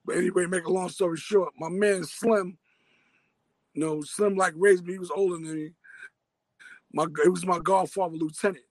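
A man's voice: high-pitched, steady tone, normal speed, long pauses, no room sound, rough recording. A man from Harlem with a New York accent, telling a story in loose street slang as an interviewee. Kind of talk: casual storytelling.

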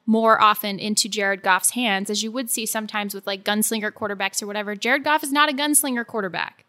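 A woman co-hosting a casual sports talk show, animated and quick to laugh as she acts out what others say. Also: mid-range voice. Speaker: sports podcast co-host.

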